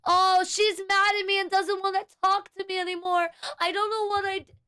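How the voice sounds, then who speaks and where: A woman's voice: very high voice, flat delivery, normal speed, sharp tone, dry recording, clean studio sound, voice pushed up. Woman mimicking her whiny fretful mother. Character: fretful, self-pitying mother in her fifties.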